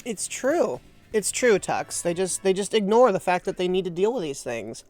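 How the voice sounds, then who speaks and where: A woman streams a video game and talks through it in a loose, chatty way, often poking fun at herself. Her pitch rises and falls a lot. Soft game music plays faintly underneath. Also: big pitch swings, normal speed. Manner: chatty, self-mocking, laughs often. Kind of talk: casual live gameplay commentary.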